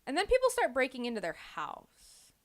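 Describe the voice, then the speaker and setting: A woman's voice: sits high, normal speed. Chatty woman recapping a book. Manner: animated retelling with lots of "like" and "um". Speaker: podcast host. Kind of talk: casual book club chat.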